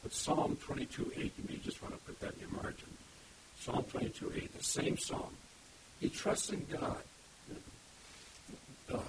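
A man preaching an expository sermon, reading scripture aloud and stopping to explain the words. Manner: emphatic, reads scripture aloud and stops to explain. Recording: loud background hiss. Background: steady hiss.

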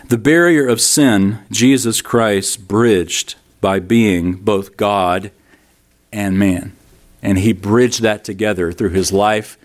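Middle-aged guy preaching, tells a story, does the voices of the people in it. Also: fairly low pitch. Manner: storytelling, acting out quoted voices. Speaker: pastor. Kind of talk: sermon.

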